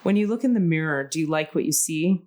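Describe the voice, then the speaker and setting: Middle-aged woman w a lowish voice reading out spirit cards, slow soothing podcast chat. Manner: reads card texts in a calm, soothing cadence.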